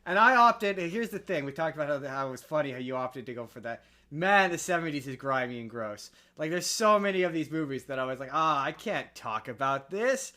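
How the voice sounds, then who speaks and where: Man, podcast co-host, casual upbeat chat, bright edge to the voice. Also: on the high side, animated, brisk, few pauses.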